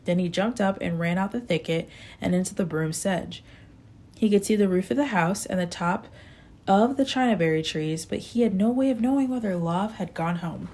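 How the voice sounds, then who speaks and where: Woman, audiobook narration, amateur reader, steady, gravelly fry. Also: medium pitch, normal speed.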